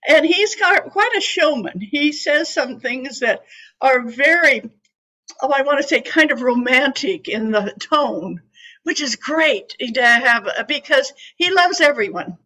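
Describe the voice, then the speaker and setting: A woman in her eighties from California, a psychic medium telling her story to an audience in a chatty, animated way. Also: sits high, measured pace, rough recording. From California, USA. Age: 80s.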